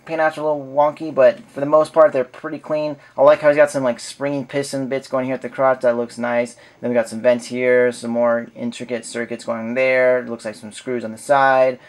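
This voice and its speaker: A man giving a casual hands-on toy review, rambling and thinking aloud as he goes. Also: medium pitch.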